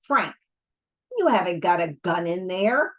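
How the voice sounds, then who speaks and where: A woman's voice: medium pitch, expressive, a little slow, lightly acted. A woman reading aloud voices a brash, contemptuous waitress with a whiny nasal twang. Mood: taunting. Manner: whiny and sneering. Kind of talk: audiobook character voice.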